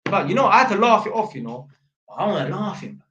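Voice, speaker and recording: A man's voice: sits high, big pitch swings, fairly quick, highs cut off, noisy background. A young man telling a story to camera in casual slang, acting out phone calls in quoted voices, sitting at home. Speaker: vlogger. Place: at home, sitting at a small table. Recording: echoey room.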